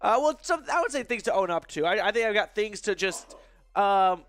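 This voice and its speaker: A man's voice: sits high, animated, moderate pace, no room sound, faint music behind. A young man hosting a live sports talk stream, chatty and upbeat, with a stuffy, nasal voice from a cold. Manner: upbeat, chatty, shouts out viewers. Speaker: sports show host.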